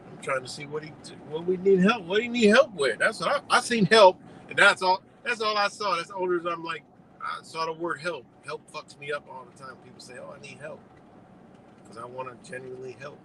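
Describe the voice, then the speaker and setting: A man hosting a live stream, telling a story in a loose, profane, animated way and laughing often. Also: fairly high pitch, fairly quick, a little hiss or hum, rough recording. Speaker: livestream host.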